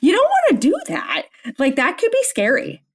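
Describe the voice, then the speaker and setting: A woman's voice: high-pitched, wildly swooping pitch, normal speed. A woman co-hosting a book club podcast, chatting casually and playfully, often laughing. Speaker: podcast co-host.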